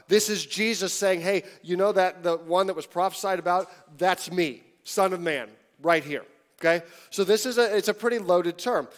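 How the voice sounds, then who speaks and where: A man preaching a sermon in a conversational, animated way, sometimes dropping to hushed tones. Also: fairly high pitch. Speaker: pastor.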